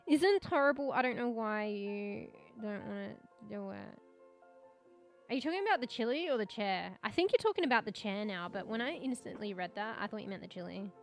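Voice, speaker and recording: A young woman streams from home and chats loosely with her viewers through a desk microphone. Her voice has a gravelly fry, and she rambles, swears freely and laughs often. Soft music plays faintly behind her. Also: medium pitch, expressive, a little fast. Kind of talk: casual chat with stream viewers.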